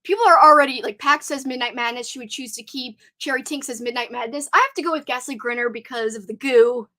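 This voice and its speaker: Young woman streamer, high bright voice, chatty and excitable, reads comments out loud. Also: quick pace. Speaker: live stream host. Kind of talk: casual live stream chat.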